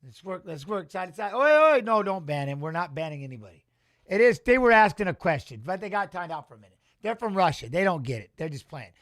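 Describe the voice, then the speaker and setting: Excitable high-voiced man streaming fight commentary. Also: fast, no echo, studio quality. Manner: excitable, rambling, talks back to chat. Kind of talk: live-stream watch-along commentary.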